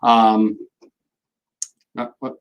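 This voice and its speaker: A man's voice: on the low side, monotone, very slow, poor audio. Rambling man chatting with viewers. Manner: rambling, joking, talks to viewers' comments. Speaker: livestream host. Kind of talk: casual livestream chat.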